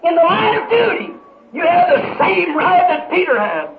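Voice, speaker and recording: Impassioned high-voiced preacher on old tape. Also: male voice, big pitch swings. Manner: impassioned, rising to shouts, dramatic pauses. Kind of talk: sermon. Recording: muffled old sermon tape with hiss.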